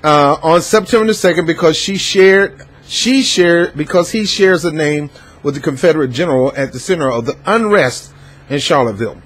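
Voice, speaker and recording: A man's voice: on the high side, normal speed, poor audio. A man giving casual news commentary in a rambling, digressive way, full of fillers and asides. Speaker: vlog host.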